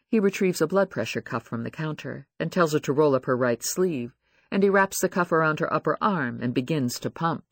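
Expressive man reading a thriller audiobook. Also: a little high, fairly quick, dry recording, clean studio sound. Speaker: audiobook narrator. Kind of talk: scripted narration.

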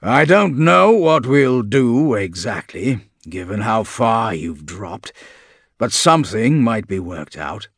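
A man voicing an irritable, bedraggled male monster who counts corpses, speaking slowly and loudly in an audiobook. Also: lowish voice, sing-song, vocal fry, slightly rough, no room sound, studio quality, full character voice. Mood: irritable, commanding. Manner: slow, loud, heavy delivery. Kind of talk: audiobook character voice.

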